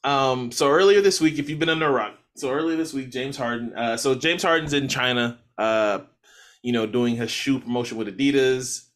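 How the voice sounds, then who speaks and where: Man, podcast co-host, casual chat, slangy, middle pitch. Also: fairly quick. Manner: animated, laid-back slang, quotes others.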